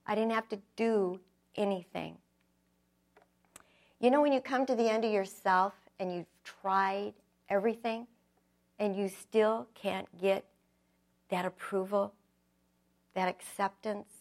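A woman's voice: mid-range voice, creaky. A middle-aged woman giving an earnest, reflective personal testimony, telling her story with acted quotes.

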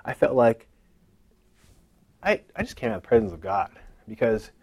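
Brief: man in his thirties, casual testimony, voices the people in his story, medium pitch, dry recording. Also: normal speed, husky, no room sound. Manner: animated retelling, acting out dialogue with lively pitch jumps. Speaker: speaker sharing a personal testimony.

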